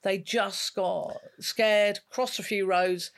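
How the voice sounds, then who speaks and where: A woman in her fifties with a gravelly, fry-edged voice recounts her police days. She is a retired dog handler, talking in an interview and acting out each quoted line as she tells it. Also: mid-range voice, steady tone, slow. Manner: vivid storyteller who acts out quoted dialogue. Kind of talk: emotional storytelling in an interview.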